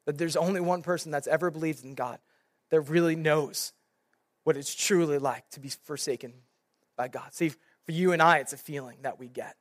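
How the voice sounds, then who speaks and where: A young man, a youth pastor, preaching a sermon in an animated storytelling way, with many casual fillers. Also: a little high, moderate pace, no echo, clean studio sound.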